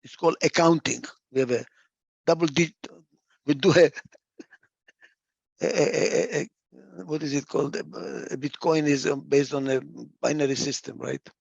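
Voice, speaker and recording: A man's voice: a little high, steady tone, moderate pace, creaky, long pauses, slightly rough, no echo, lo-fi sound. A man giving a reflective talk. He stresses points by repeating phrases, and sometimes stalls over a word and starts again. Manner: gets lost for a word and restarts. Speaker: speaker.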